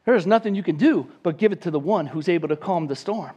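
A man preaching a sermon as pastor, lively, acting out quoted voices. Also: sits high, fast talker, husky, lo-fi sound. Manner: animated, acts out the disciples' voices.

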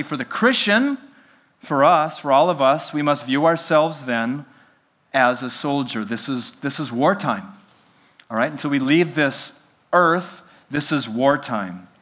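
A man preaching a sermon as pastor, animated and often asking the congregation questions. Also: a little high. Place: church.

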